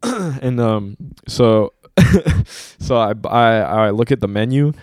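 A young man talks in a relaxed, rambling way, full of slang and cursing. His pitch sits in the middle range for a man. The sound is dry and close, with no room echo. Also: slow. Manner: laid-back storytelling with heavy slang and swearing. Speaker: podcast host. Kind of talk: casual chat.

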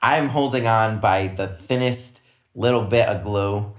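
A man co-hosting a podcast in casual chat, blunt and quick to agree, swearing freely. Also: lowish voice, slight background noise. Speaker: podcast co-host. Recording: roomy echo.

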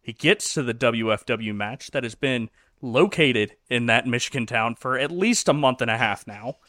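A man's voice: medium pitch, normal speed, fairly bright tone, no echo, clean studio sound. A man who is a minister, co-hosting a casual movie review podcast and retelling scenes with lots of laughter.

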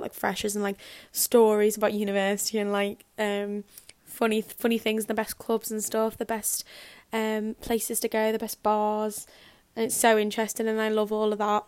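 On a dry recording, a young Liverpool-area woman with a Scouse accent hosts a podcast in her mid-range voice. She rambles casually and chattily, leaning heavily on fillers, her throat audibly dry.

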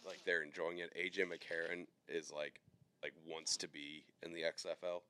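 A man's voice: sits low, flat delivery, moderate pace, pushed and bright, clean tone. A man co-hosting a podcast, chatting casually and loosely about sports bets, with plenty of fillers. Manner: loose, rambling, lots of fillers. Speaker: podcast co-host. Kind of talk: casual sports betting chat.

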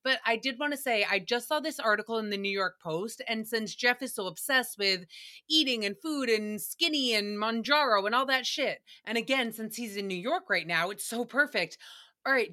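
Bright, sassy woman podcaster. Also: a little high. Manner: sassy, swears, laughs often, acts out quotes. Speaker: podcast host. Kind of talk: casual solo recap chat.

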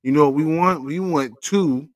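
A man co-hosting a casual sports podcast, animated and profane, teasing his co-host. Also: on the high side, moderate pace, no echo.

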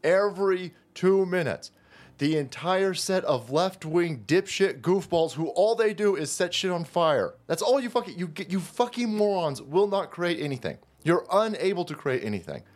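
Foul-mouthed ranting man, high voice. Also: animated, normal speed. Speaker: commentary channel host. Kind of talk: profane political rant.

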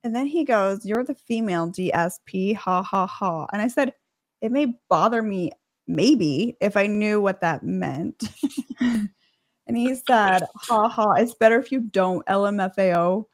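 Deadpan woman telling a story. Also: mid-range voice, measured pace. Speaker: podcast co-host. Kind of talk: casual chat, reading out messages.

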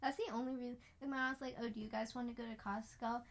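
A young American woman with a slightly high, creaky voice talks fast with fairly even intonation. As a podcast co-host she chats casually, wandering through anecdotes and leaning heavily on "like."

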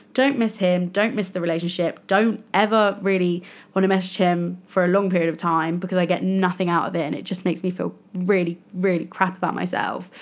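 A young woman hosting a solo podcast, venting frankly and with frustration about her own choices. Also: fairly low pitch. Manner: frustrated, venting, self-critical. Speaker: podcast host. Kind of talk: candid solo podcast monologue.

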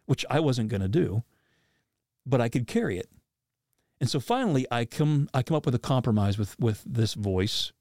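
A man telling a personal hunting story in a casual, animated way, often restarting and acting out quotes. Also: medium pitch, no room sound, clean studio sound.

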